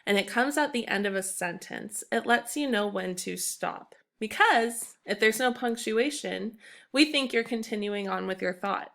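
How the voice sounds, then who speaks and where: A woman's voice: a little high, a little slow, creaky, fairly bright tone. A young woman teacher giving an upbeat, emphatic recorded grammar lesson to her class. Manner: upbeat, emphatic classroom delivery, reads examples aloud.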